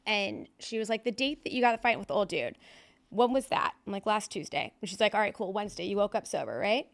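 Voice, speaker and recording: Woman in her 30s telling her recovery story, blunt and candid, lots of um's and like's, mid pitch. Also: big pitch swings, fast talker. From Southern California. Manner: candid, blunt storytelling with frequent swearing and fillers. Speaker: podcast guest.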